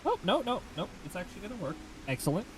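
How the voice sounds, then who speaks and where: Chatty male game streamer, lively voice. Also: high voice, fast, noisy background. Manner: chatty, rambling asides. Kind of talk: casual chat while streaming a game.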